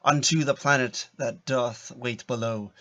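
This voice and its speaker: A man reading a calm older male Jedi knight's lines in halting Shakespearean verse. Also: medium pitch. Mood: solemn. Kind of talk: table read in Shakespearean verse.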